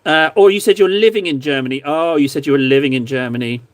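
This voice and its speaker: An Englishman paints miniatures at home while hosting a relaxed livestream, speaking into a close streaming mic. His fairly high male voice moves quickly with no echo as he rambles, pokes fun at himself, and jokes with viewers.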